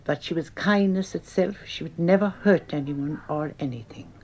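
Woman, low voice, dark mellow tone, earnest former actress, dull archival broadcast sound. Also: normal speed, breathy edge. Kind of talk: archival interview recollection.

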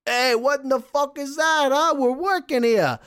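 Man doing a brash, shouting thug guard, pitched way up, rough and crude. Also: moderate pace. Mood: belligerent. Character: loud aggressive male guard, tough thug.

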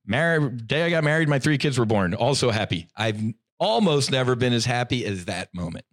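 A middle-aged man telling a personal story in casual podcast talk. He is animated and slangy, and his voice swings between loud bursts and hushed asides. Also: mid-range voice, normal speed, dry recording, studio quality. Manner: slangy, says "dude" and "I'm like". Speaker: podcast guest.

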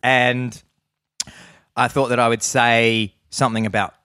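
A man's voice: mid-range voice, level tone, measured pace, sharp tone, clean tone, no room sound, clean studio sound. A man with an Australian accent co-hosting a casual podcast, playful and rambling, laughing often. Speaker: podcast co-host.

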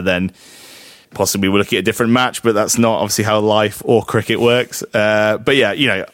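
Male podcast co-host, low-pitched, halting delivery with restarts, dry close recording. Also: fairly bright tone, no room sound. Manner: halting, many restarts and fillers. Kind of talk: casual cricket chat.

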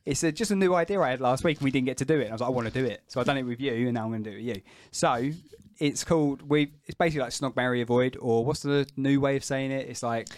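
A man's voice: medium pitch, racing, hardly any pauses, dry recording, clean studio sound. A man hosting a podcast in casual chat, chatty and prone to tangents, with tag questions and a "mate" here and there. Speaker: podcast host.

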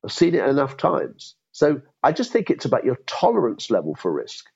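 A man's voice: medium pitch, huge pitch swings, normal speed, gravelly, darkish tone, slightly rough, muffled recording. A man in his fifties, a former law firm chief, thinking aloud in an interview with frequent restarts. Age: 50s. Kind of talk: interview conversation.

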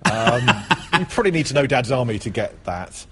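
A man's voice: medium pitch, animated, normal speed, fairly bright tone. A man interviewing a comedian, playful and hesitant with many ums. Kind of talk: casual chat.

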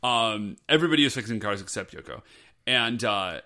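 A man's voice: lowish voice, brisk. A man co-hosting a casual podcast, recapping an episode and acting out characters' lines. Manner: animated, acts out quoted lines. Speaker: podcast co-host. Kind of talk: casual chat recapping a show.

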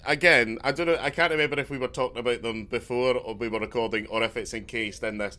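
Podcast co-host, male, bright tone, chatty and digressive, curses casually. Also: medium pitch, steady tone, fast. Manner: rambling, loses his thread, swears. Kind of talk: casual chat.

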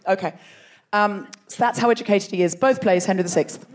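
A woman's voice: mid-range voice, a little fast, a little mellow. A woman hosting a comedy podcast on a theatre stage, bantering playfully with the crowd and laughing often. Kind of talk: live stand-up audience banter. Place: large theatre before a live audience.

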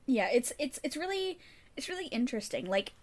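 A woman's voice: high voice, big pitch swings, brisk. A woman co-hosting a book-club podcast in casual chat, walking through a story summary and firmly explaining her view. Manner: summarizes at length, then pushes back firmly in debate. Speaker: podcast co-host.

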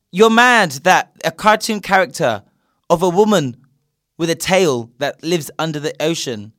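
A man's voice: fairly high pitch, dry recording, clean studio sound. Sarcastic young man ranting. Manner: animated, sarcastic, swears freely. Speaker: podcast host. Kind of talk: casual ranting chat.

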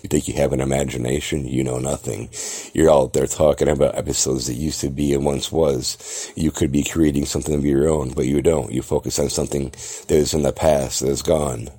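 A man's voice: very deep voice, steady tone, brisk, dark tone, slightly rough. A man hosting a podcast, delivering a grandiose, theatrical monologue that lectures the listener. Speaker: podcast host. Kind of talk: grandiose self-promoting monologue.

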